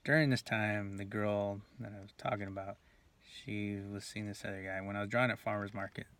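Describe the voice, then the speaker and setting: Low, flat-voiced man rambling through a story. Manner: halting, full of fillers and restarts, drops to near whispers. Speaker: video blogger.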